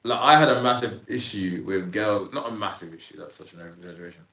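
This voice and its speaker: Man in his thirties, lowish voice, slangy animated storyteller, roomy echo. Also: fast. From Sudan, raised in Ireland. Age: 30s. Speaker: podcast guest. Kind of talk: casual storytelling interview.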